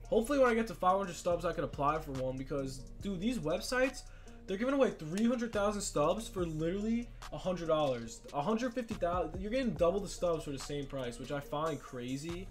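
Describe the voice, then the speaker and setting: A young man giving excited gameplay commentary as a channel host, talking straight to his fans and shouting at times. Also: high-pitched, fairly quick. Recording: faint music bed behind.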